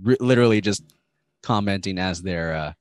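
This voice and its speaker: A male co-host chatting loosely about movies, full of "um"s and asides. His voice is mid-pitched and sits very dry and close. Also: normal speed, dry recording. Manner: rambling, filler-heavy, laughs often. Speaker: podcast co-host. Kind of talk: casual movie-podcast chat.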